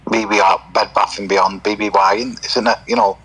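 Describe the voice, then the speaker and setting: A man calls into a live online audio chat, keeping his voice hushed and halting. His tone is husky and sits on the low side, with a slightly breathy edge. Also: little pitch movement, rough recording. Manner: quiet, hushed, hesitant. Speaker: caller. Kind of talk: casual debate.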